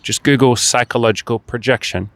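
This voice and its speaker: A man's voice: mid-range voice, fairly even intonation, fairly quick, no room sound. A man speaking as a dating and life coach in a direct-to-camera motivational monologue, blunt and emphatic, swearing freely and firing off rhetorical questions.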